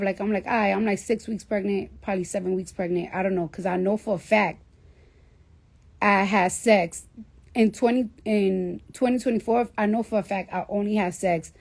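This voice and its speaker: A woman in her thirties telling a story casually on a live stream, swearing freely and acting out the dialogue. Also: medium pitch. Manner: profane, animated storytelling with quoted dialogue. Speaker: livestreamer.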